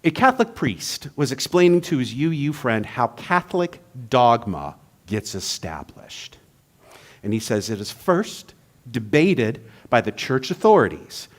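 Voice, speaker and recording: A man giving a humorous sermon, telling jokes in a playful, storytelling manner. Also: mid-range voice. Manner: playful, joke-telling, then reflective.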